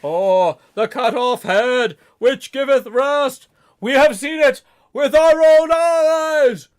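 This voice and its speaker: A streamer voicing Van Helsing, an elderly male vampire-hunting professor, with slow, booming, stilted old-fashioned speech in a dramatic reading. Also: smooth. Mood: grave.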